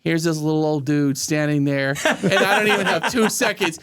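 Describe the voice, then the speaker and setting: A man with a high voice for a guy tells a story as a podcast guest. He is animated, laughs often and swears freely. His talk runs loose and casual, with quick asides.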